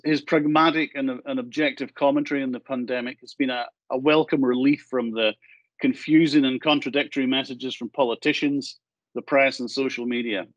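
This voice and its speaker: A man's voice: medium pitch, no room sound. Hesitant man hosting, dull dry sound. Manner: hesitant, many fillers. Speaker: conference host. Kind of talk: introducing a speaker.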